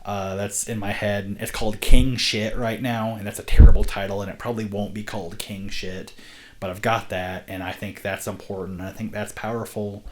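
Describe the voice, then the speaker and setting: A man's voice: on the low side, flat delivery, normal speed, darkish tone. A man talking to camera in a casual, rambling vlog, earnest and sweary, often breaking into laughter. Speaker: vlogger, independent filmmaker.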